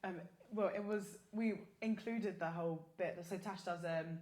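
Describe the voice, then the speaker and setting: A woman chatting as a guest performer, easygoing and hesitant, with many pauses and ums. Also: fairly low pitch, a little mellow. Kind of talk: casual podcast chat. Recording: echoey room.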